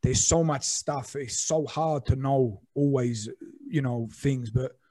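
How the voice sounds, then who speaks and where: A man in a casual podcast conversation who muses out loud, hedges with fillers and swears casually. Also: mid-range voice, takes it slowly, no echo, studio quality.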